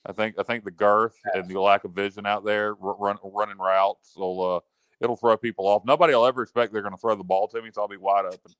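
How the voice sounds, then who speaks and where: A man's voice: lowish voice, steady tone, quick pace, a bit bright, clear, resonant tone, no echo. A man co-hosting a casual sports chat show, joking and self-mocking. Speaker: podcast co-host.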